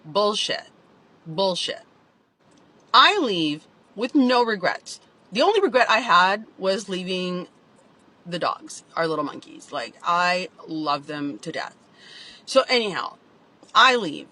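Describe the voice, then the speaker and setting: A woman's voice: on the low side, very animated, measured pace, bright, forceful tone, poor audio. A woman telling her own story in a candid vlog, emotional and confessional, with lots of "like".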